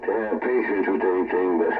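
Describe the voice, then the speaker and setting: A man chatting casually in a laid-back way, often repeating short phrases. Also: low voice. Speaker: radio chat participant. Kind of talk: casual chat. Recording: distant, phone-like radio with faint noise.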